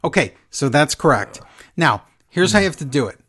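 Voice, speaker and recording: A man with a slightly raised pitch and a lively, swinging delivery chats into a studio mic. He teases and bosses his co-host around with playful instructions. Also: moderate pace, husky. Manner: teasing, bossy in giving instructions. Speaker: podcast co-host. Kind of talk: casual chat. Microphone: studio microphone.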